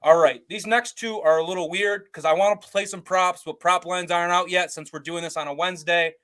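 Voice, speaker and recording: A man's voice: high voice, fairly even intonation, fairly quick, a bit bright. A man co-hosting a casual sports betting podcast, giving his picks with blunt confidence. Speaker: co-host picking bets.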